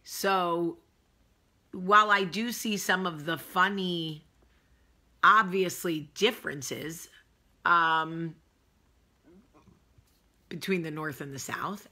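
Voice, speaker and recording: A woman's voice: lowish voice, sharp tone. A woman in her forties from the northeastern United States, hosting a rambling, self-deprecating casual chat. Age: 40s. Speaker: host.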